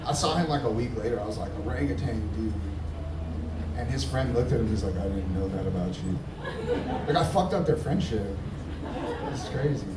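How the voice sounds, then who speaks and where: A man's voice: medium pitch, animated, brisk. A man doing loose, laughing stand-up crowd work, teasing the audience from a comedy club stage. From Middle Eastern heritage, Persian father. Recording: echoey room, distant, noisy crowd.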